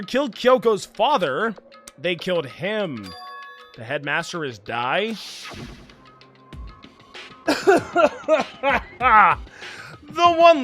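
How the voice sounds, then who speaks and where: Man, streamer, let's play commentary, jokey, reads game text aloud, sharp bright voice, faint music underneath. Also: high-pitched.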